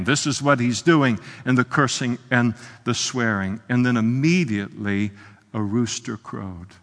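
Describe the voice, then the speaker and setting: A man pastor delivering a sermon with passion, dropping to quiet asides and then surging into loud, emphatic lines. His voice sits at an ordinary middle pitch for a man. The sound rings out with a long reverb, as in a church sanctuary. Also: unhurried. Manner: impassioned, swings from soft to loud with emphatic quotes. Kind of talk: expository sermon.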